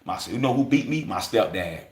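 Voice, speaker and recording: A low-voiced man riffing on a livestream in loose, profane street slang. He speaks casually and breaks into quoted voices as he talks. The sound is echoey and roomy. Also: lively intonation, fairly quick. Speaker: livestream host.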